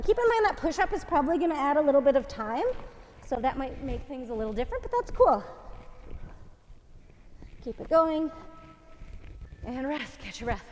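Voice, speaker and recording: High-voiced, winded woman coaching a workout. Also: in a large hall, a little hiss or hum. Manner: encouraging, counting reps aloud. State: out of breath, winded. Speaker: fitness instructor. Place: home workout space.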